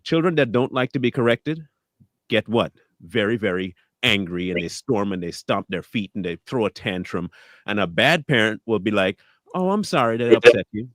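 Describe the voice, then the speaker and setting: A man's voice: lowish voice, animated, normal speed, a bit bright, dry recording. A man co-hosting a live talk stream, speaking casually and animatedly, acting out quoted voices and laughing often. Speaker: co-host.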